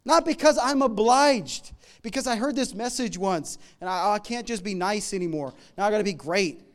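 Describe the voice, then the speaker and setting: Preaching with humor and a chatty manner, a middle-aged pastor alternates booming emphatic statements with quieter asides. His voice is high-pitched and his pace normal.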